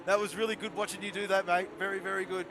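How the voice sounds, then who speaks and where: A young man giving chatty, excitable live commentary on an online racing league, laughing often and talking to viewers in chat. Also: high-pitched, fast talker, noisy background. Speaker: esports race commentator.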